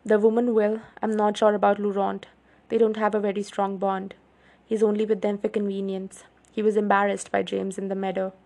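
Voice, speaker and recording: Brooding, protective young male vampire in a storybook reading, low and even delivery, flat pitch, read by a woman. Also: brisk, gravelly. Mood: grim.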